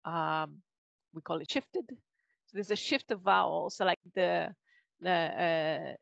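A woman's voice: on the low side, slow pace, creaky, no echo, lo-fi sound. A woman from Canada with a Quebec French accent, speaking English as a second language as a guest linguist in a podcast interview, thoughtful and laughing often, with many fillers and restarts.

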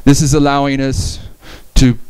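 A man's voice: medium pitch, level tone, moderate pace, a little mellow, clear, resonant tone, no room sound, poor audio. A man giving a Bible study lecture, reading verses aloud and explaining them with frequent restarts.

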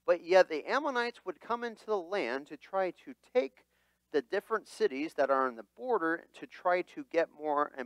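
A male pastor preaching to his church with an animated, expressive delivery. His voice is fairly high for a man and swings widely in pitch. He speaks slowly, and the sound is dry and close. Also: no echo. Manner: animated, dramatic voicing of quotes. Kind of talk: sermon.

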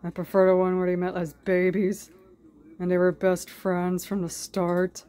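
A woman doing an improvised mock-dub over a cartoon, rambling with heavy swearing in a deadpan way. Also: lowish voice, measured pace. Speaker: comedic fan dubber.

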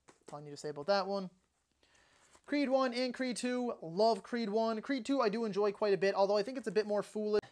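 A young man talking casually and enthusiastically through his movie collection, tossing out quick opinions and asides. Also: high voice, a little mellow. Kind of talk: casual home video walkthrough.

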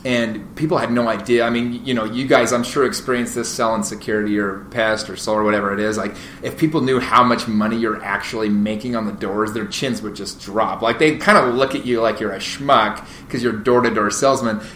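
A podcast guest who works as a real estate agent tells rambling stories in a casual interview, in a bright voice that sits on the low side. He talks fairly quickly with few pauses, animated and full of fillers and restarts. The recording has roomy echo and faint noise.

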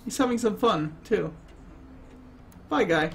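Male let's player: unhurried, goofy, very animated pitch and quick to break into laughter. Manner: playful, excitable, bursts into laughter. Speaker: gaming YouTuber. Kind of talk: let's play gameplay commentary.

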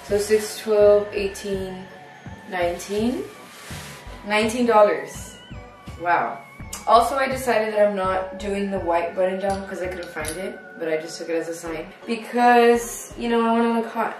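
A woman's voice: medium pitch, normal speed. A woman chatting casually to the camera in a vlog at home, giggly and talkative. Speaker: vlogger. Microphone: camera held by someone else. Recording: roomy, camera a bit distant. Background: music playing.

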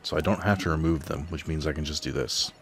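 A man's voice: rumbling low, fairly even intonation, fast, fairly bright tone, slight background noise. A man thinking aloud while he plays a card game at home, rambling and reading out card text in casual commentary. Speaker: let's play host. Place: home apartment.

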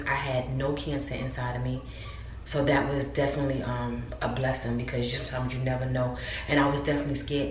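A woman's voice: a bass voice, darkish tone, distant mic. A woman talks casually to her viewers in a chatty vlog. She sits upstairs at home, a little away from the mic, with a roomy echo and a faint hiss behind her. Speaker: vlogger.

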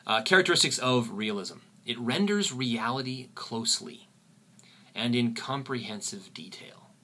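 A man teaching a literature lesson, often pausing and repeating words as he thinks. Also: medium pitch, lively intonation, pushed and bright. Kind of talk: recorded lecture.

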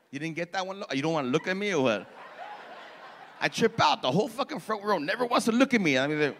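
Brash profane stand-up man with a lively voice. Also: high-pitched, moderate pace, pauses often, slight background noise. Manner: brash, profane, teasing the crowd. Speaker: stand-up comedian. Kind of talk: stand-up crowd work. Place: comedy club before a laughing audience.

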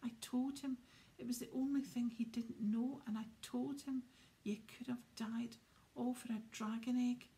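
A woman voicing a huge, soft-hearted grown male groundskeeper with rough, blunt speech in a storybook reading. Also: mid-range voice, fairly even intonation, a little slow. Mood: sobbing.

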